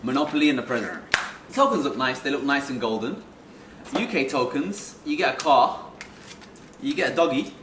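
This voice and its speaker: A man's voice: mid-range voice, animated, normal speed. A man co-hosting a casual unboxing chat, playful and teasing. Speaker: co-host. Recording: echoey room, mic at a distance, noisy.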